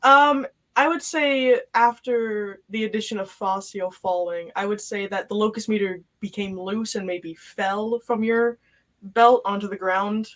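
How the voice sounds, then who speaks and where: A woman's voice: medium pitch, steady tone, measured pace, a bit bright. A woman running a tabletop game as game master, narrating loosely with lots of fillers.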